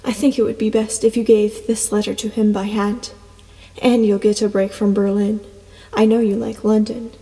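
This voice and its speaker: A woman's voice: mid-range voice, little pitch movement, normal speed, lightly acted. A woman voicing a kindly older king who gives advice. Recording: long reverb, soft music beneath.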